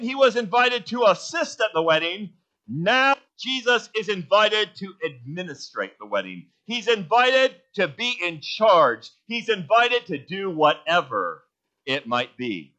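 A man's voice: high-pitched, big pitch swings, measured pace, pushed and bright. A man preaching a sermon as pastor, emphatic, asking the congregation questions and answering them himself.

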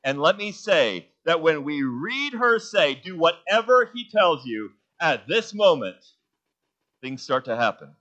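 Bright-voiced preacher delivering a sermon. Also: male voice, a little high, very animated, unhurried, dull audio. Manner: emphatic, asks the congregation questions, then answers them. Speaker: pastor.

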